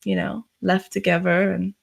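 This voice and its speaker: A woman's voice: on the low side, little pitch movement, normal speed, gravelly. A young woman from England, a streamer talking candidly in a casual interview, chatty, laughing often and swearing freely. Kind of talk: casual chat.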